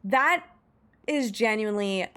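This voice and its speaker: A woman's voice: mid-range voice, expressive, slow, a bit bright. A young American woman streaming a game, chatting in a rambling, enthusiastic way full of "like" fillers and the odd swear word. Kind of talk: casual chat while gaming. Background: faint game music.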